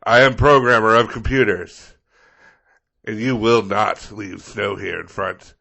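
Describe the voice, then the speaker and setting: A man's voice: on the low side, steady tone, a little slow, gravelly, bright, forceful tone, full character voice. A man playing a stubborn homeowner who guards his driveway with a shovel and speaks in stiff, formal declarations. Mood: defiant. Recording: dull lo-fi recording.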